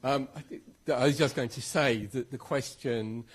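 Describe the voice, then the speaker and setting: Man, mid-pitched voice, measured, explanatory, rhetorical questions, conference panelist. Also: husky. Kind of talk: conference Q&A comment. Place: conference hall.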